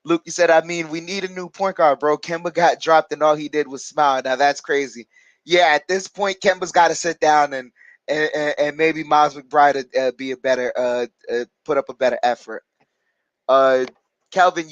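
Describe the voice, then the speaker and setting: The speaker, a man with a fairly high voice and fairly even intonation, moves at a moderate pace as he hosts a live basketball watch-along, reading out and replying to viewer chat in a casual, chatty, filler-heavy, hesitant way. No echo; highs cut off.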